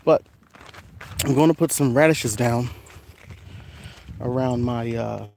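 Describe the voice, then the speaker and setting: A man's voice: takes it slowly, creaky, darkish tone, slight background noise. Casual gardening vlogger, young man, rambling and easygoing, recorded outdoors on a phone. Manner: chatty, rambling, talks to his cats in a high coaxing voice. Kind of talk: casual vlog talk while gardening. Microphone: phone camera.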